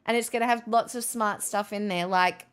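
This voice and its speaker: A woman's voice: medium pitch, steady tone, normal speed, fairly bright tone, clear, resonant tone. A woman live streaming in casual chat, sarcastic and ranting, often breaking into laughter.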